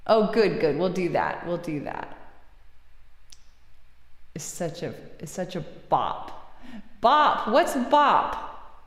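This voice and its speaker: A woman's voice: on the low side, very animated, takes it slowly, long pauses, roomy sound, big-room sound. A woman hosting a music livestream, chatting casually with viewers and giggling between songs. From United States. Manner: chatty and giggly, reads viewer names aloud. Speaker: singer-songwriter livestream host. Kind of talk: casual chat with live chat readers between songs.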